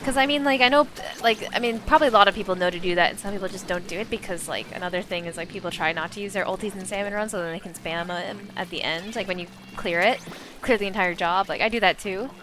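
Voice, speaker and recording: A woman streamer chatting casually and excitably while she plays, swearing now and then. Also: mid-range voice, fast, a little hiss or hum. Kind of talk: casual live gaming chat.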